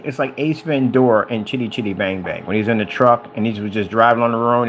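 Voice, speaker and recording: A man talking casually and excitedly about projectors, rambling and wandering off topic. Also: medium pitch, quick pace, hardly any pauses, slight background noise. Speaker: business owner reviewing projectors.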